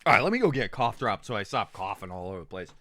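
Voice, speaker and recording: A man streaming and chatting casually with his audience, rambling and animated, coughing now and then. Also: fairly low pitch, slight background noise.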